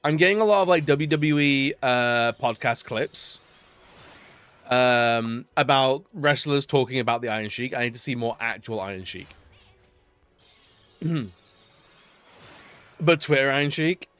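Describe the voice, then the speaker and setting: A man's voice: mid-range voice, measured pace, pauses often, a bit bright, clean tone, no echo, faint music behind. A man chatting casually during a live stream, rambling and laughing often between remarks. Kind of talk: casual live-stream chat while gaming.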